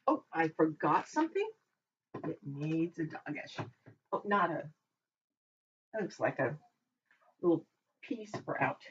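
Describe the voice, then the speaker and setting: A woman teaching a language lesson who talks while she writes, pausing and correcting herself as she goes. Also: low voice, sing-song, slight background noise. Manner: talks while writing, with pauses and self-corrections. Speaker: Hebrew teacher. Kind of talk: slow, patient lesson at a whiteboard. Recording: dull lo-fi recording.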